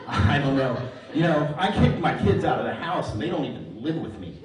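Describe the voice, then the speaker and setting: A man's voice: on the high side, very animated, moderate pace. A middle-aged man performing a stand-up comedy set, telling stories dryly and landing puns as punchlines before a live audience. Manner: dry storytelling with pun punchlines. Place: large hall on stage before live audience. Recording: echoey hall, mic at a distance, crowd laughter. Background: audience laughter.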